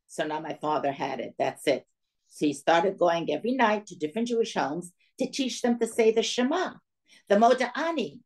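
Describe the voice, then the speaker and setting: A woman's voice: lowish voice, normal speed. Older woman telling her life story. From Soviet Union. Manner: lively storyteller who acts out quoted dialogue. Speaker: guest speaker. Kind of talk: storytelling talk to a women's audience.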